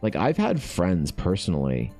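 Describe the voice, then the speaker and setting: A low-voiced man chats loosely while he paints, ranting and swearing as he goes. His voice sits deep, and faint music plays behind him. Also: normal speed. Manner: swearing, animated, rants. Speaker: artist streamer. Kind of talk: casual rambling chat while painting.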